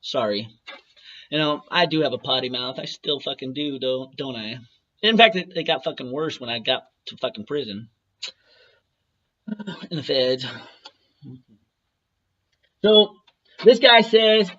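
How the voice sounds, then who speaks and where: A man's voice: mid-range voice, expressive, measured pace, pauses often, fairly bright tone, dull audio. A man in his thirties ranting to camera in a profane, mocking, taunting way, reading documents aloud between jabs. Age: 30s. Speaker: vlogger.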